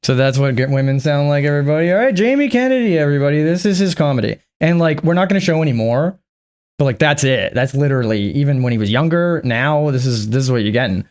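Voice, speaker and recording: A man's voice: a little high, lively intonation, fast, a little mellow. A man giving casual reaction commentary on clips, sarcastic and profane, mocking what he watches. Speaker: reaction streamer.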